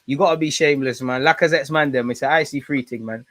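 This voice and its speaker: A man with a London accent hosting a football fan channel, chatting casually and excitably with plenty of slang. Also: medium pitch, fast talker. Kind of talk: casual fan reaction commentary.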